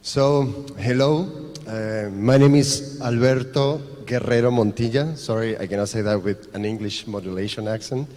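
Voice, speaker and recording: A man's voice: fairly low pitch, steady tone, normal speed, a little mellow. Venezuelan man speaking in a reverberant hall. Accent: Venezuelan Spanish. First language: Spanish. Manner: earnest, repetitive, restarts phrases while explaining. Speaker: conference speaker. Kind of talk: conference talk. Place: large conference hall. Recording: long reverb of a conference hall.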